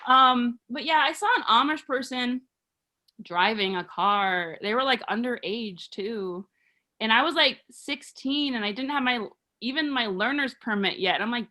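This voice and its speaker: Woman, 30s, stand-up comic, self-deprecating, rambling, bright tone. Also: a little high, expressive, unhurried. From Arizona, US. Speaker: stand-up comedian. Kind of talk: stand-up comedy set.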